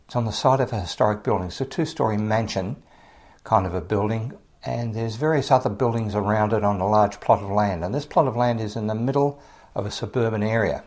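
An Australian man hosts in a chatty, relaxed way, talking straight to his listeners. His voice sits a little low. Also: brisk. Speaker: podcast host and interviewer. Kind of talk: casual introduction and interview.

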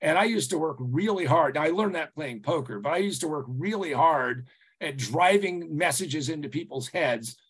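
A man telling stories as a consultant guest on a podcast interview, rambling and animated, full of "you know" and restarts, swearing casually. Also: fairly high pitch, moderate pace, breathy edge.

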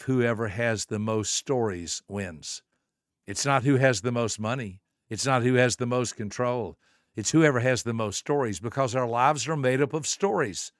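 A man in his seventies hosting a motivational podcast, preaching with emphatic rhetorical questions and swinging between soft asides and booming lines. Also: no room sound, clean studio sound. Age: 70s. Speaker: podcast host and motivational speaker.

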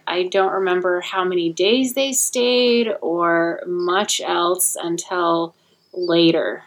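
A woman's voice: fairly low pitch, rough recording. A woman guest in casual conversation, recalling memories in a reflective way.

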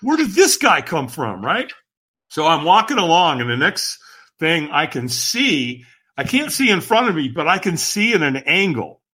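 Animated man telling a story, bright voice. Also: on the high side, normal speed, breathy edge. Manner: acts out quoted voices, emphatic. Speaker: podcast guest.

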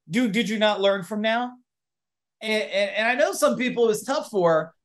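A middle-aged man, a business coach, telling stories in a podcast interview with an animated, emphatic delivery and acted-out quotes. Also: high-pitched.

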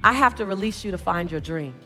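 A woman's voice: mid-range voice, lively intonation, quick pace, pushed and bright, long reverb tail, soft background music. A woman voicing her stern, dry supervisor. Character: stern female office supervisor, dry and firm.

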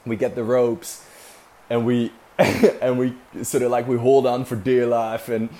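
A man's voice: medium pitch, little pitch movement, measured pace, warm tone. A young man casually telling a story as a vlogger, rambling with lots of fillers and swearing. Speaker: vlogger recounting a sailing trip.

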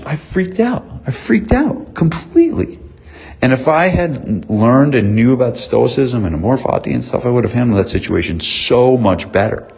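Man, 30s, gym owner; husky, lowish voice; earnest motivational talk with repeated points. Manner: earnest, repeats himself for emphasis. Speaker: gym owner and business coach.

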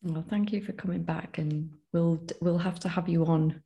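Low, gravelly-voiced woman host. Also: fairly even intonation, lo-fi sound. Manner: warm and encouraging, with halting restarts. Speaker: podcast host. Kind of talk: casual chat.

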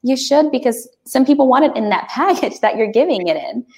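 A woman guest on a podcast, chatting casually and animatedly, with frequent restarts. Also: high-pitched. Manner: animated, talks fast with many restarts.

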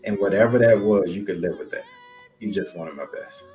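A man's voice: sits low, fairly quick, mellow, faint music behind. A middle-aged man co-hosting a podcast, giving an earnest, emotional tribute spoken directly to his mother. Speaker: podcast co-host.

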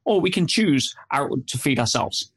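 Animated man telling stories in an interview. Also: fairly high pitch, normal speed, slightly rough. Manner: animated, drops in frequent "yeah"s and "you know"s. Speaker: guest. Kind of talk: interview storytelling.

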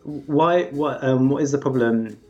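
A man's voice: medium pitch, unhurried, darkish tone, muffled recording, soft background music. A young man, a junior doctor, chatting casually in a rambling, self-mocking way with lots of fillers. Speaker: podcast co-host, junior doctor. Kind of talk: casual chat.

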